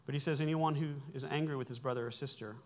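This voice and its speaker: A man's voice: mid-range voice, fairly even intonation, quick pace. A man in his forties preaching a sermon, explaining Greek words in a conversational way, with self-corrections and wry asides. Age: 40s. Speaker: pastor.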